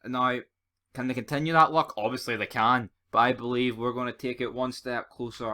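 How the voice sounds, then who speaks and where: A man's voice: medium pitch, moderate pace, sharp tone. A man with a Scottish accent giving a casual, sweary, rambling monologue of football predictions for his vlog. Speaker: football fan vlogger.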